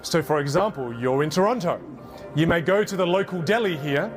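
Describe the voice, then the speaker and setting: Animated man speaking over music. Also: on the high side, a little fast. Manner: animated, emphatic, talks straight to the crowd. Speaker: speaker at a live workshop. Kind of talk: motivational talk with audience questions. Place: live talk in front of an audience. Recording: speech over loud background music.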